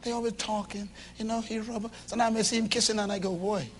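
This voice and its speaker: A man preaching a sermon to a live congregation, swinging from shouts to low confiding tones and acting out little dialogues in different voices. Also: flat delivery, quick pace, a little hiss or hum. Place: church hall with a congregation.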